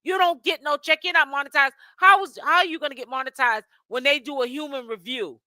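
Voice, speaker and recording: Blunt high-voiced woman giving gossip commentary. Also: brisk, bright, forceful tone, no echo. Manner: blunt, critical, explaining. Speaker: commentary channel host.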